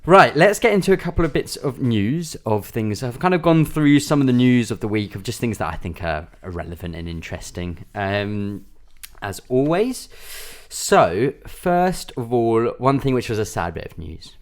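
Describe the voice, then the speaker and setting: In casual podcast chat, this male co-host rambles with many fillers. His medium-pitched voice is expressive and keeps a normal speed.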